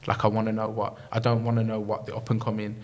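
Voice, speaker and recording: A poet from Birmingham with a Brummie accent, chatting casually as an interview guest and telling lively stories with frequent laughs. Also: male voice, on the low side, fast. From Birmingham, England. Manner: animated storyteller, laughs often, acts out quoted voices.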